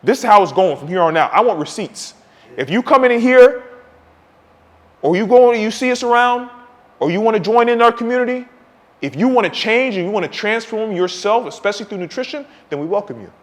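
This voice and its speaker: Man, 40s, high-pitched podcast host, fiery tough-love motivational rant, reverberant room. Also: animated, a little fast. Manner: loud, preachy, swings between shouting and muttering.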